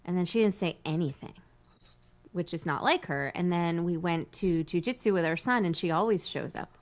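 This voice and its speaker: A woman's voice: on the low side, normal speed. Chatty laughing woman. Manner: chatty, laughs often, animated storytelling. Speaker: host. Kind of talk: casual livestream chat.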